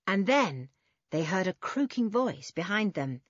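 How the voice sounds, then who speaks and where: A woman narrating a children's adventure story in an expressive, lively reading. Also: mid-range voice, measured pace, no echo, muffled recording. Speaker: audiobook narrator.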